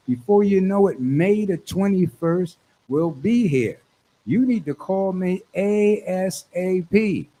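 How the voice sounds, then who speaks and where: A man hosting a radio show in a studio, excitable and fond of repeating his lines for emphasis. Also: high voice, rough recording. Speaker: radio host.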